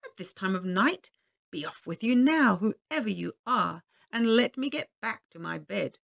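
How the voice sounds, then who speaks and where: A woman voicing a grumpy, mean farmer in a storybook reading, roaring loudly. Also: mid-range voice, lively intonation, unhurried, vocal fry, no echo, dull audio. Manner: loud, roaring. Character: grumpy bellowing middle-aged farmer, mean.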